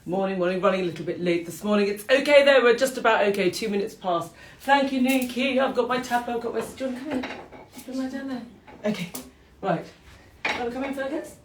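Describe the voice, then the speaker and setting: A woman's voice: on the high side, fast talker, echoey room, a little hiss or hum. A British woman hosting a live-streamed morning qigong class at home, chatting casually and self-deprecatingly, often breaking into laughter. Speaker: qigong teacher and show host. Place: home room, with dogs around.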